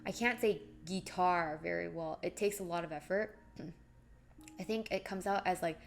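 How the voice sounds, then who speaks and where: A woman's voice: on the low side, measured pace, creaky, soft background music. A young woman chatting casually on a live stream while crafting, rambling and reading out viewer messages. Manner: chatty, rambling, reads chat aloud.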